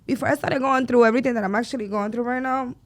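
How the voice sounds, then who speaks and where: A woman hosting a podcast talks in a slightly high voice. She is emotional and hesitant, with many fillers. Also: fairly even intonation, rapid-fire. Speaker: podcast host. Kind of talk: casual podcast conversation.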